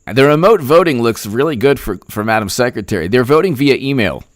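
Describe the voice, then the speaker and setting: A man's voice: medium pitch, brisk, no room sound, clean studio sound. Sarcastic male political commentator. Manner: mocking, deadpan sarcasm. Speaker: host.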